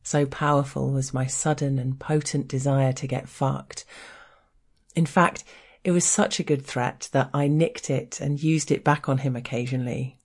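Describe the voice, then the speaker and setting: A woman's voice: a bass voice, fairly even intonation, moderate pace, a little mellow, slightly rough. An Englishwoman reading her own frank personal essay aloud in a wry, candid, playful way.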